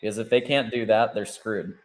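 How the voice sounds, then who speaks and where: Male co-host, emphatic and excitable, casual game talk. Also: fairly low pitch, a little fast. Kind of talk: casual sports chat.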